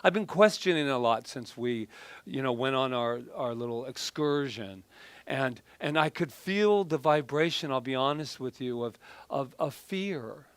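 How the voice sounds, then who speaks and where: A man's voice: medium pitch, lively intonation, measured pace, clear, resonant tone, dry recording. A middle-aged man preaching a casual, conversational sermon, telling personal stories in a chatty, self-deprecating way with frequent restarts. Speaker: minister.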